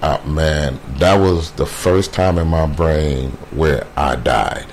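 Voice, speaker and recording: A man telling a painful personal story in a casual way, halting often with fillers and repeated words. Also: very deep voice, darkish tone, slight background noise. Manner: quotes others in a brisk voice.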